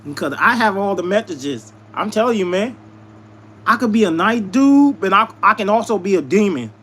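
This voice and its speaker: High-voiced man venting emphatically. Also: lively intonation, normal speed, fairly bright tone, breathy edge. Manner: emphatic, repeats lines for emphasis. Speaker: live streamer. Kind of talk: venting storytelling to viewers.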